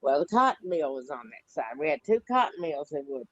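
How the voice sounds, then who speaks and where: A woman's voice: sits low, big pitch swings, fairly quick, a bit bright, dry recording, lo-fi sound. A woman with an Upstate South Carolina accent, chatting bluntly and saltily and telling stories in a drawl. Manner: blunt, salty, drawling storyteller. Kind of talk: casual gossipy chat.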